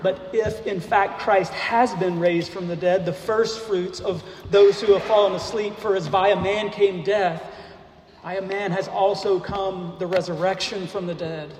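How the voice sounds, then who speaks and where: Man preaching slowly in an echoey hall. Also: high-pitched, fairly even intonation, darkish tone. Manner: slow, deliberate preaching with rhetorical questions. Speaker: pastor. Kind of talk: sermon. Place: church sanctuary. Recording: echoey hall, faint noise.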